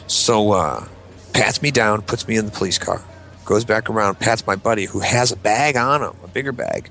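A man's voice: lowish voice, moderate pace, vocal fry. A man casually telling a story on a podcast, swearing freely and acting out what people said. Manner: animated, swears freely, acts out quotes. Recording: faint background noise.

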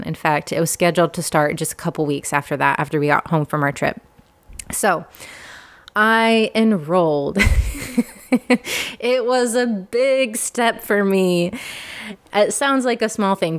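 Host in her thirties, slightly low voice, candid and self-deprecating personal storytelling.

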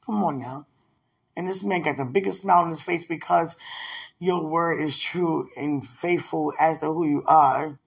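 A woman in casual, heartfelt talk with her partner, emotional and prayerful, often soft and murmured, with easy laughs. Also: low-pitched, normal speed, creaky, breathy edge. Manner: laughs easily, playful.

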